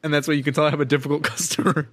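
A man's voice: a little high, level tone, racing, a bit bright, no room sound. Profane young man telling work stories. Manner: profane, laughing storyteller acting out callers. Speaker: bank call-center worker telling stories. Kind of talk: casual chat with friends.

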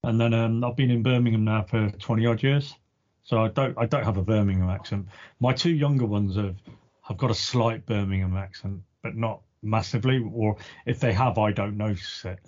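A fairly low-voiced man from the East Midlands of England, chatting loosely on a podcast. He rambles along with plenty of ums and uhs. The sound is muffled and lo-fi. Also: normal speed. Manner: relaxed, rambling, heavy with ums. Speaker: podcast co-host. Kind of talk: casual chat. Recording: dull lo-fi podcast audio.

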